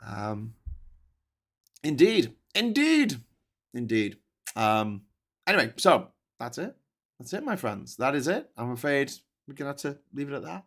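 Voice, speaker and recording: A man's voice: medium pitch, sing-song, moderate pace, a bit bright. A man hosting a live news commentary stream, rambling and jokey, often correcting himself. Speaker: show host. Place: seated in his own show chair.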